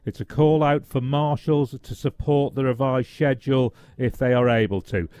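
A man with an ordinary mid-range voice works as co-commentator on radio race coverage. He rattles quickly through lists of finishers and announcements. The recording is dry and close. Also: medium pitch, steady tone, a little mellow, clear, resonant tone, dry recording. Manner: fast, reels off finishers and notices.

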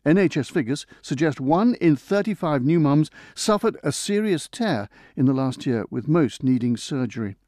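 A man's voice: a little high, lively intonation, moderate pace, few pauses, a little mellow, no echo. A man presenting radio news and bantering with a colleague in a dry, teasing way.

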